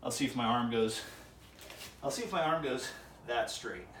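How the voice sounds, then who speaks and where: A man's voice: mid-range voice, moderate pace, fairly bright tone, slight background noise. Man, casual workout vlog, rambling thoughts, echoey gym, distant camera mic. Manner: rambling, musing aloud between sets. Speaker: vlogger.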